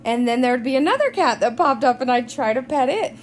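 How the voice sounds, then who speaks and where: A woman's voice: sits high, expressive, a little fast. A woman earnestly recounting her own strange experience in casual chat, chiming in on a shared story. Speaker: podcast guest.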